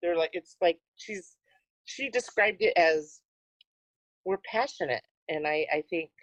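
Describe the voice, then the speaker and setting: A woman co-hosting a podcast in casual chat, rambling through her thoughts with many pauses. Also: lowish voice, lively intonation, no echo, low-quality recording. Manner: rambling, hesitant with fillers. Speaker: podcast co-host.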